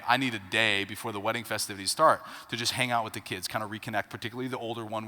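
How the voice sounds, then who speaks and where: A man in his thirties preaching a sermon as pastor, telling a family story with big swings between hushed asides and loud punchlines. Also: lowish voice. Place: church sanctuary. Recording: reverberant church hall.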